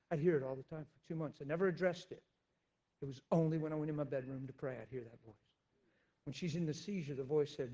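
A man preaching a personal testimony, emphatic and intense, swinging from loud declarations down to hushed, quiet recounting. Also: fairly high pitch, quick pace. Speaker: pastor. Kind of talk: sermon testimony.

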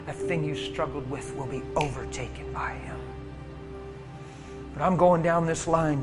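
A high-voiced male preacher tells a healing story to a congregation. He swings from hushed whispers to sudden loud bursts. Music plays under the voice. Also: fairly even intonation, moderate pace. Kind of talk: sermon testimony.

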